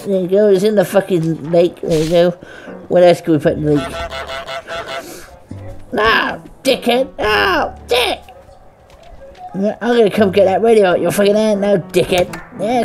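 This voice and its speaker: A gamer with a mid-range, slightly mellow voice does let's play commentary while role-playing as the goose in first person. She's foul-mouthed, swearing at the game's characters and taunting them.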